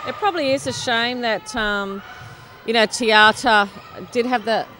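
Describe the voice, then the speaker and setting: A woman's voice: fairly high pitch, a little slow. An Australian woman commentating a netball final in a chatty, giggly way, rambling with many fillers. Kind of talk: live sports commentary. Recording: noisy sports hall commentary.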